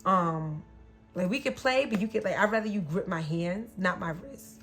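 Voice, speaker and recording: A woman's voice: fairly low pitch, normal speed, a bit bright, faint music behind. A young woman telling a painful personal story in a candid, emotional way, often acting out what was said. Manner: candid, emotional, slips into quoted voices.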